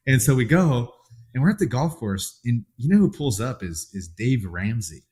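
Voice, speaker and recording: A man's voice: mid-range voice, lively intonation, normal speed, a little mellow. A man hosting a podcast, telling rambling anecdotes in a casual, chatty way. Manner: rambling anecdotes, lots of fillers and restarts. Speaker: podcast host. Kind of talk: casual chat.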